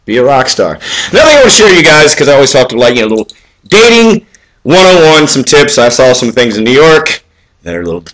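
A man in his forties talking casually into the camera for his own video, rambling with lots of fillers and restarts, swearing freely and getting louder and higher when he gives advice. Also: sing-song, fast. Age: 40s. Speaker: vlog host. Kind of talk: casual monologue.

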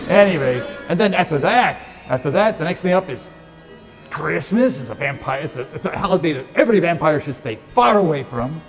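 A man's voice: on the high side, expressive, unhurried, pauses often, over music, rough recording. A man playing a hammy vampire horror host. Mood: campy. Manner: corny punchlines with laughs. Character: campy vampire count, jokey and hammy.

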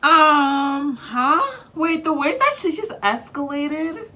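A woman's voice: high voice, lively intonation, slow, pushed and bright. A woman hosting a reaction video, giving casual commentary with incredulous, swearing exclamations.

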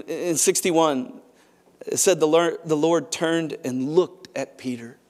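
A man preaching a sermon as pastor, moving between hushed, quiet stretches and loud, pressing passages, often restarting his phrases. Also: fairly high pitch. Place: large church auditorium.

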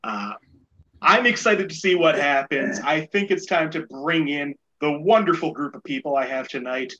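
A man's voice: a little high, expressive, normal speed, a bit bright, dull audio. A man with a light Boston accent hosting a casual game show podcast, rambling with many fillers and repeated words. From Boston area.

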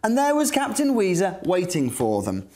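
A woman's voice: fairly low pitch, wildly swooping pitch, normal speed. A woman playing a nervous, fussy puppet storyteller. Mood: fretful. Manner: frets aloud, then reads the story warmly. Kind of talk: children's puppet show storytelling.

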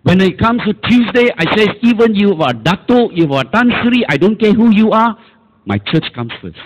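A man with a Malaysian English accent preaches a sermon as pastor, his voice sitting a little high and swinging widely up and down. He presses his points emphatically and keeps calling the congregation to answer back with amens. Faint background noise runs under the recording. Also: big pitch swings, moderate pace, poor audio. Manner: emphatic, calls for amens and repetition.

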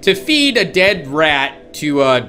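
A man's voice: a little high, very animated, slow pace, bright, forceful tone, soft background music. A man co-hosting a horror game playthrough, mocking his partner with sarcastic, profane jokes. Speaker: co-host playing a horror game. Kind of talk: gaming commentary.

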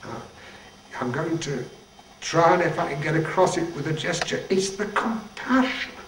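A retired Salvation Army general, now an older man, leads devotions for a band at practice in an informal, joking way, chuckling as he goes. His voice is on the high side and a bit bright, animated at a moderate pace, and the room recording sounds distant, echoey and noisy.

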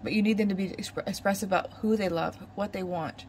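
Woman, tarot reader, musing, repeats questions, medium pitch, noisy background. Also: fast talker, darkish tone. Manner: musing, repeats questions to the cards, many fillers. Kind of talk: casual spoken tarot reading.

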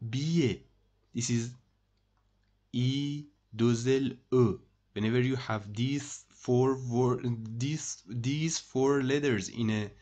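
A man teaching a French lesson online, patiently repeating each example and pausing to find his words. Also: mid-range voice, a little mellow. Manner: thinks aloud with pauses and restarts.

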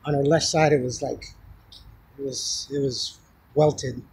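A man vlogging outdoors, telling a story in a rambling, halting way with many restarts. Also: medium pitch, steady tone, vocal fry, a little mellow, breathy edge. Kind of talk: casual storytelling vlog. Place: outdoors on the street.

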